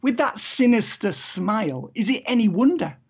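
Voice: medium pitch, animated, moderate pace, breathy edge, highs cut off. A podcast co-host in casual chat, wry and opinionated, laughing often.

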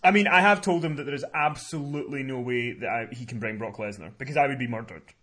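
Here a man of medium pitch talks at a quick pace, telling a story on the podcast he co-hosts. Animated and chatty in tone, he also promotes events.

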